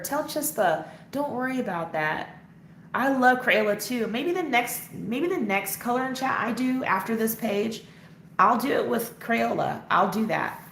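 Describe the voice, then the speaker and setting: A woman's voice: medium pitch, fairly bright tone. A woman hosting a casual live coloring chat, answering viewer comments as she works and laughing often. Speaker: coloring channel host. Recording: echoey room, faint background noise.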